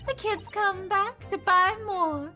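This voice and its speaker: A woman doing a scheming young swindler with a Southern twang. She brags about her lies in a very high, bright voice. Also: takes it slowly, faint music behind, heavily acted. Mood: sly. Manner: sly, boastful. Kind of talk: reading game dialogue aloud.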